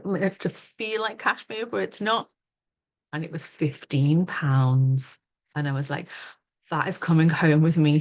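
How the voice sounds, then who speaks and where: A woman's voice: fairly low pitch, creaky, a bit bright. Chatty middle-aged Englishwoman coach. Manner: chatty and giggly, rambling with fillers. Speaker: self-love coach leading a workshop. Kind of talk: live online workshop talk.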